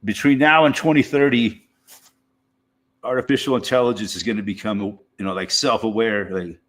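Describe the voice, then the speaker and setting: A man with a fairly low voice talks off the cuff in a loose, rambling stream monologue. He swears freely and keeps stopping to restart his sentences. Filler phrases like "you know" and "man" run through everything he says. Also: fairly even intonation, fairly bright tone. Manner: rambling, profane, halting restarts.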